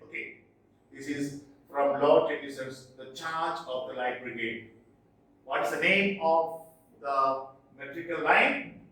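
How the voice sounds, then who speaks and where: A man's voice: on the high side, a bit bright, recorded from a distance. A man teaching a lesson, explaining step by step and answering his own questions, now and then correcting himself. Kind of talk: classroom lecture on poetic meter. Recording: echoey room, voice from off-mic.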